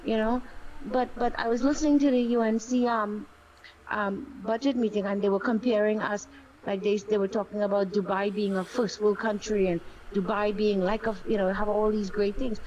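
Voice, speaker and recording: A woman with a Trinidadian accent calling in to a talk show, passionate, talking in quick bursts and repeating words. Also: a little high, darkish tone, a little hiss or hum. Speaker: caller. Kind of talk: call-in conversation. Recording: dull phone-line call.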